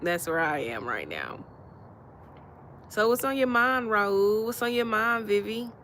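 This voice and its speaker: A woman's voice: medium pitch, very animated, a little slow, a bit bright, a little hiss or hum. A woman from Alabama with a Southern accent, hosting a casual livestream chat, easygoing and laughing often as she repeats her phrases. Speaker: livestream host.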